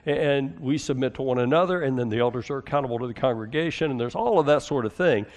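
A man preaching a sermon as a pastor, conversational, asking the congregation questions and moving between emphatic and hushed delivery. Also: mid-range voice, fast talker.

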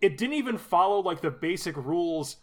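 Blunt man with a bright, higher voice. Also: expressive, normal speed. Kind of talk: casual chat.

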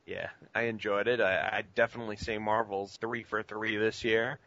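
Bright, dry-voiced man telling a story. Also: on the low side, normal speed, vocal fry, dry recording, highs cut off. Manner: excited storytelling full of "like" fillers. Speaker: podcast co-host. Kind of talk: casual chat.

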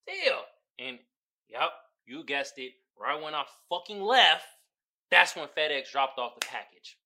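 A male podcast host with a piercing, bright voice that jumps all over the place as he talks. He riffs on memes in loose, profane slang and breaks into laughter often. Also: a little high, sing-song, unhurried. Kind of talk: casual comedic commentary on memes.

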